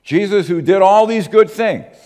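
A man's voice: high-pitched, dark tone. Emphatic male preacher in a reverberant hall. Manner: emphatic, with rhetorical questions and slow stressed words. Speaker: pastor. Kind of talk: sermon.

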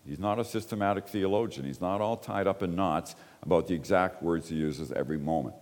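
A man's voice: low voice, a little fast, darkish tone. A man from Canada preaching a teaching sermon, emphatic and conversational, with frequent asides to the congregation. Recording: long hall reverb.

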